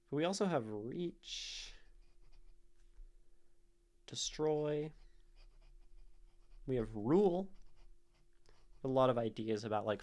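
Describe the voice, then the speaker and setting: Slow-talking man explaining poetry. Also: mid-range voice. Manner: thinks aloud, explains step by step with fillers. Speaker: streamer teaching poetry. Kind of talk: casual live-stream explanation.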